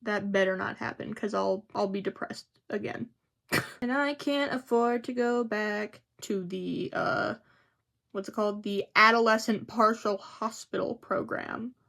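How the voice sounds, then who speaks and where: A woman's voice: medium pitch, measured pace, vocal fry, fairly bright tone. A young woman vlogging to camera in a casual, rambling chat, swearing freely and joking at her own expense. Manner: rambling, profane, self-mocking.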